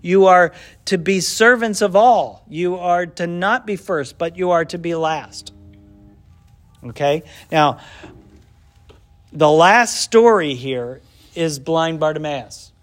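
A man teaches a casual Bible lesson with animated storytelling, asking the class questions, answering them himself, and acting out bits of the story as asides. His voice is on the high side and slow.

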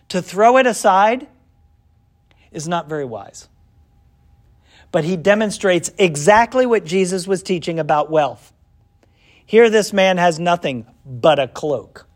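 A man teaching a casual Bible lesson who asks the class questions, answers them himself and acts out bits of the story. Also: high-pitched. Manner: animated storytelling with acted-out asides.

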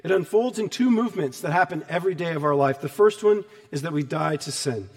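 High-voiced preaching man, echoing hall. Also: expressive, brisk. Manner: conversational, storytelling, emphatic repetition. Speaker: pastor. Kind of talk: sermon.

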